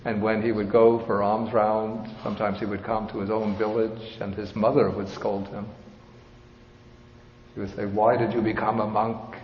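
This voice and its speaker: Low-voiced man teaching in an echoey hall. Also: level tone, slight background noise. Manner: measured, explanatory, with light humor. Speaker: Buddhist teacher. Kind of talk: dharma lecture. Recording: roomy, dull hall recording.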